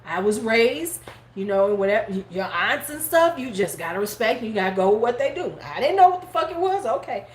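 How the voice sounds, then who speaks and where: A middle-aged woman hosting a live stream, casually telling a story in animated fashion, swearing freely and acting out her relatives' words. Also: fairly high pitch, fairly quick. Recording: roomy echo, faint background noise.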